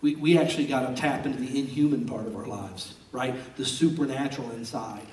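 A middle-aged man preaching a sermon in a large church auditorium, telling stories with loud bursts and hushed asides. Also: mid-range voice, brisk, recorded from a distance, a little hiss or hum. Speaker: pastor. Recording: roomy sound from off-mic in a hall.

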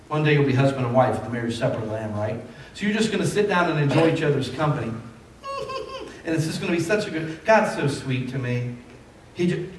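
Male pastor, conversational sermon with emphatic calls, slightly high voice, distant mic in a reverberant sanctuary. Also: slight background noise. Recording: echoey hall from far off.

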